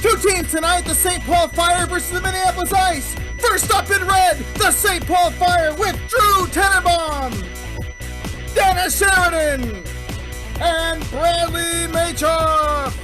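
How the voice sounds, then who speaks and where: A woman's voice: very high-pitched, fairly even intonation, takes it slowly. A woman announcing the teams in a sports-style hype voice. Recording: announcement over clear music.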